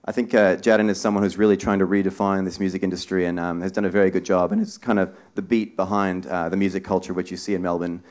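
A man hosts a live panel event, introducing speakers in a loose, unhurried way. His voice sits on the low side, and he often pauses with fillers as he gathers his thoughts. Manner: relaxed, hesitant with frequent fillers. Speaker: moderator of a panel talk. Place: live talk event in a bar venue.

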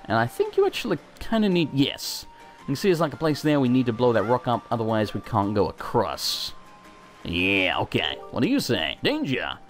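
Brief: young male let's play host, swears a lot, pitch swings wildly, soft game music under him. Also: moderate pace. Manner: sweary, self-mocking, excitable. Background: faint game music.

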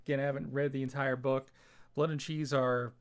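A man's voice: mid-range voice, level tone, a little fast, clean tone. A man giving a casual spoken review of a TV episode, rambling with lots of fillers. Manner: rambling, heavy with fillers like "you know" and "like".

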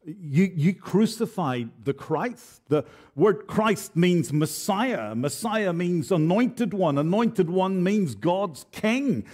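A man's voice: high-pitched, expressive, slow pace, hardly any pauses, darkish tone. A man preaching an expository sermon in church, earnest and direct, with frequent rhetorical questions. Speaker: pastor.

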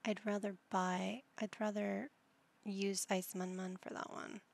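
A woman's voice: mid-range voice, level tone, unhurried, vocal fry. A woman hosting a gaming channel, chatting casually and musing to herself as she plays, sometimes dropping to a whisper. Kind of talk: casual gameplay commentary.

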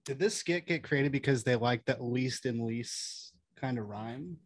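A man's voice: mid-range voice, a little slow, dry recording. A man in a casual chat, dry and sarcastic.

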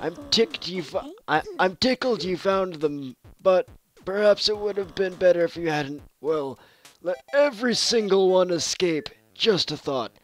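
A high-pitched old inventor, fussy and folksy, his voice swooping up and down as he explains things, as a young man puts him on while reading game dialogue. He talks like an old-timer scolding a youngster. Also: lively intonation, unhurried. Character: eccentric old male ghost-hunting scientist. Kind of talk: game dialogue read aloud.

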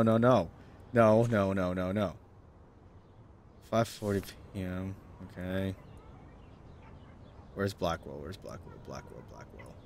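A man's voice: on the low side, darkish tone. Exasperated man muttering at a game. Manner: frustrated muttering and swearing. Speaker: gaming video host. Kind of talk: let's play commentary.

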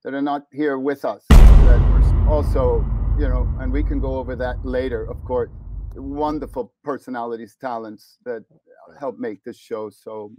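A man, the creator of a show, speaking as an interview guest in a gracious, thankful, unhurried way. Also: mid-range voice, fairly even intonation, muffled recording, noisy background. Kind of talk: casual chat.

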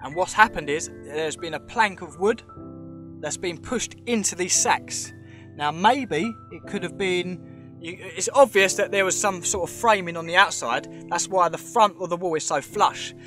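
High, bright-voiced English man vlogging. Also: moderate pace, faint music behind. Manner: chatty, emphatic, keeps saying "mate", talks straight to viewers. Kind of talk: casual vlog commentary.

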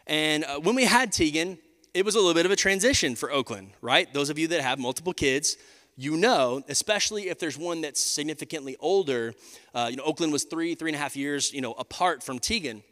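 A bright, forceful male pastor with a lilt, talking to his congregation like old friends. His slightly high voice rings out through a big church auditorium with a long, lingering reverb. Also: brisk. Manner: animated and conversational, addressing the crowd as y'all. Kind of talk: sermon. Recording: live hall with long reverb.

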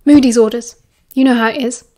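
A woman's voice: on the high side, steady tone, a little fast, darkish tone, close to an everyday voice. A woman doing a blunt young British dad.

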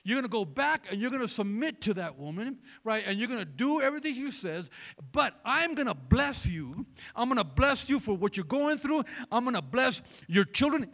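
A man's voice: very high-pitched, gravelly, fairly bright tone, voice pushed up, heavily acted. A man voicing an angel who firmly promises a blessing, in an emphatic, raised delivery. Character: firm male angel giving a blessing.

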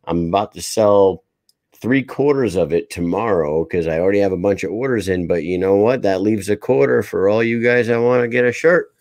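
A man's voice: fairly low pitch, a little fast, darkish tone, no echo. A man co-hosting a live podcast, talking in a casual, rambling, profane way. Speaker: podcast co-host. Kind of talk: casual chat.

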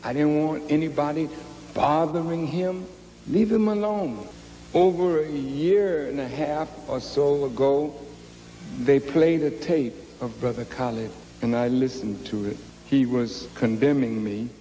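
A religious leader giving a public address, measured, soft-spoken and grave. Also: male voice, mid-range voice. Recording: long hall reverb on archive recording.

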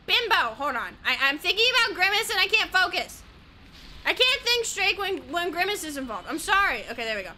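A woman's voice: high-pitched, bright, forceful tone, a little hiss or hum. A woman gaming streamer chatting casually while she plays, rambling, giggly, easily sidetracked and swearing a lot.

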